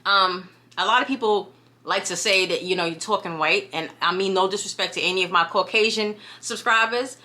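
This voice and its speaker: Bright-voiced New York woman chatting. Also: medium pitch, brisk. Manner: chatty, animated, frequent "you know what I'm saying". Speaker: vlogger. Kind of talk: casual chat to camera.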